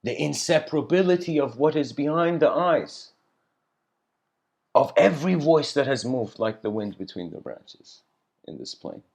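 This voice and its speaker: A man giving a reflective spiritual lecture, telling stories slowly with pauses and letting his voice trail off quietly. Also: on the high side, big pitch swings, vocal fry. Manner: unhurried storytelling with pauses.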